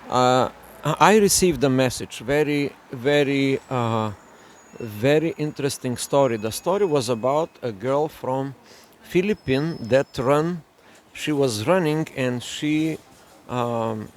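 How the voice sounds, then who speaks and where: A man's voice: medium pitch, takes it slowly, slight background noise. A man co-hosting a casual chat on a cafe terrace, joking and rambling. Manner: joking, rambling, switches into mock voices. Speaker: vlog co-host.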